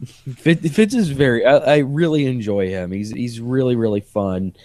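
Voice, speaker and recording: A man's voice: medium pitch, moderate pace, warm tone, no room sound. A man co-hosting a podcast, chatting casually about TV episodes and earnestly explaining plot details. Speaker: podcast co-host. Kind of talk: casual TV recap chat.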